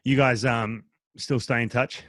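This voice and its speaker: An Australian man in his thirties hosting a casual podcast interview, talking quickly with many restarts. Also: medium pitch, no room sound. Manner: quick, animated, trips over restarts. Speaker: podcast host.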